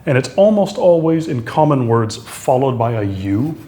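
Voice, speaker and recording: Halting man teaching French accents. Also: medium pitch, big pitch swings, warm tone, reverberant. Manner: halting, many fillers and restarts. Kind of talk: explaining French accent marks.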